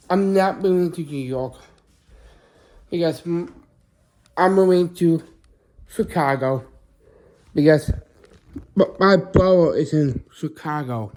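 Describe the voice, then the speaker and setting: A man's voice: fairly high pitch, slow pace, long pauses, darkish tone. A man talking casually to camera as a vlogger, rambling and often restarting and correcting himself mid-sentence. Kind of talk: casual vlog chat to camera.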